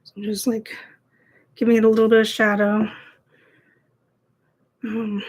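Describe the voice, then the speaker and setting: A woman's voice: a little high, completely flat delivery, a little slow, a little mellow. A woman chatting casually and a bit self-deprecatingly with viewers of her live stream while she paints at home, often breaking into giggles. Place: home, at a laptop.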